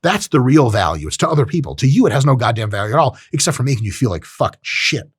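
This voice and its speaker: A man's voice: medium pitch, big pitch swings, quick pace, slightly rough, dry recording, clean studio sound. A man hosting a podcast, giving a blunt, profane casual monologue and acting out short voices. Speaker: podcast host. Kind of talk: casual monologue on self-improvement.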